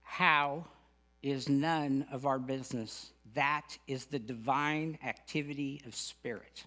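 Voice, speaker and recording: A man's voice: mid-range voice, fairly even intonation, slow, sharp tone. A middle-aged man gives an earnest, folksy spiritual lecture with humorous asides as a guest speaker at a spiritual center.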